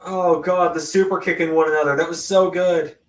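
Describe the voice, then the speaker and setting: A man hosting a live watch-along of a wrestling event, reacting with sudden loud exclamations between casual remarks. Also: fairly high pitch, fairly quick, far from the mic. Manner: excitable, bursts into loud exclamations. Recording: roomy echo, voice off-mic.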